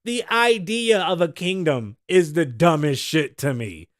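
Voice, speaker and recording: A man's voice: fairly high pitch, expressive, a little slow, no room sound, studio quality. A man in his thirties from the United States, hosting a podcast with a brash, profane, opinionated solo rant. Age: 30s. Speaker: podcast host.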